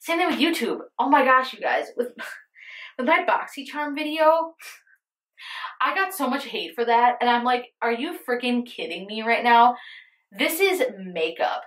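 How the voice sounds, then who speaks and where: A woman's voice: on the high side, a bit bright, echoey room, rough recording. A young woman vlogging about beauty, talking candidly and with emphasis in a casual storytime rant, swearing freely.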